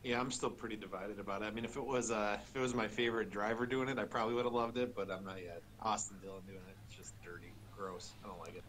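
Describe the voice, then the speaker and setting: A man joining a casual race chat as a guest, speaking hesitantly and softly as he weighs his opinion. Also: lowish voice, steady tone, fast talker, few pauses, noisy background. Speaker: guest commentator.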